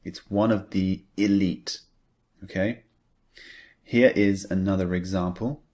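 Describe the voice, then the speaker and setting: A man teaching an English speaking pattern, explaining slowly and deliberately with spoken example sentences. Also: low voice, steady tone, a little mellow. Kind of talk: scripted language lesson.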